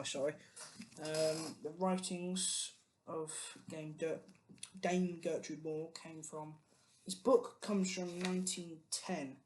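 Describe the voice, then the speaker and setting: British book vlogger, mid-pitched, chatty and meandering, faint noise behind. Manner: rambling, many ums and restarts, chatty. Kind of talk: casual book haul chat.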